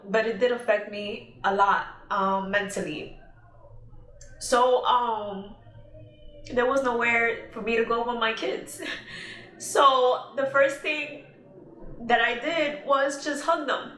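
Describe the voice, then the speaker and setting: A woman's voice: fairly high pitch, pushed and bright. A young woman vlogger telling an emotional story in a casual, rambling way, with many fillers. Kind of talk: casual storytelling while eating. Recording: echoey room.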